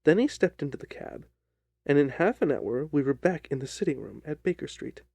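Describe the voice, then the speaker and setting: A man narrating a detective story in a measured storytelling manner. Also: on the high side, animated, vocal fry, a little mellow, slightly rough, dry recording.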